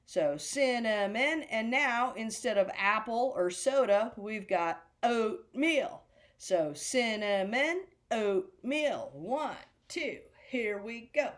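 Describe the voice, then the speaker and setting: A middle-aged woman leads a beginner drum class, speaking slowly in a fairly high voice. She walks through each rhythm and chants the patterns aloud with food words. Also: animated, a little hiss or hum. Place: senior center class room.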